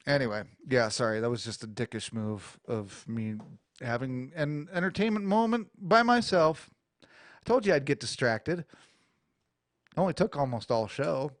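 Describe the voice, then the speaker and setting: A crude, rambling American man hosts his own radio show, talking in a rather high voice. His delivery is blunt and profane. The studio mic gives a dry, close sound. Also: dry recording. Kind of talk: profane talk-radio rant. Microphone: studio mic with adjustable EQ.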